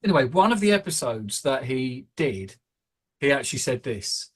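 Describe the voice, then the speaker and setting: A man's voice: medium pitch, very animated, moderate pace, background noise. A British man hosting a casual podcast, rambling with plenty of ums and restarts. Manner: rambling, hesitant, many fillers. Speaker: podcast host.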